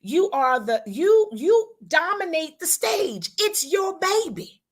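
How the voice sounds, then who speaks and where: Woman, motivational talk-show host, high voice, very animated, preacherly, repeats herself. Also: slow pace. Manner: preacherly, repeats lines, acts out people's talk.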